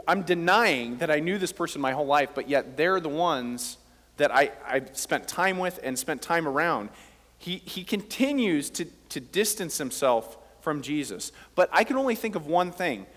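A man's voice: on the high side, sing-song, unhurried, a bit bright. A man preaching a sermon as pastor, with rising emphasis on key words, in a church hall.

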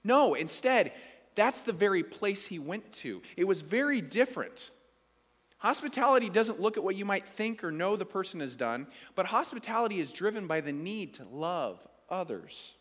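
A man with a slightly high voice preaches in a church, and his words ring on in a long hall echo. His delivery is conversational and playful, with questions thrown out to the congregation. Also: big pitch swings, moderate pace, fairly bright tone. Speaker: pastor. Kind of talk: sermon.

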